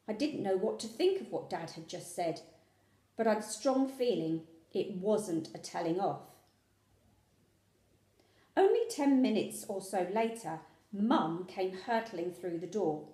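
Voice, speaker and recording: A woman narrating a storybook in first person, measured and steady. Her voice is mellow and darkish, and it rings in an echoey room. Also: medium pitch. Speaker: reader.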